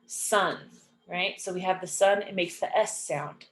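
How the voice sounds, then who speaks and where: A woman teaches English sounds, drawing every word out slowly and saying it over and over with patient care. Her voice sits at a middle pitch. It rings in an echoey room. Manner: repeats each word slowly and clearly, patient. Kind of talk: slow, clear phonics lesson.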